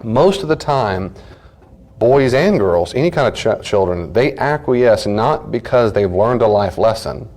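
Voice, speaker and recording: A man's voice: on the low side, lively intonation, unhurried, darkish tone. A middle-aged man, a pastor, giving a live church teaching talk in a folksy storytelling manner, acting out his family's voices. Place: church meeting room.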